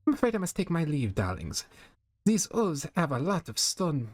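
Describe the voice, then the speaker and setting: A man's voice: on the high side, sing-song, normal speed, no room sound, pitched above the performer's own voice. A man voicing a glamorous female pony supermodel who gushes dramatically and drops French phrases. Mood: gushing theatrical. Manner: gushing, dramatic.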